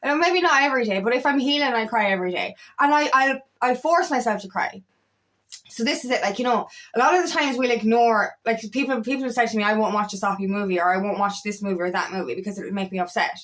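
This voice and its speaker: A woman's voice: on the high side, fast talker, fairly bright tone. A woman working as an empowerment coach, speaking in a casual, motivational talk to camera. She is chatty and emphatic, repeats phrases, and swears now and then.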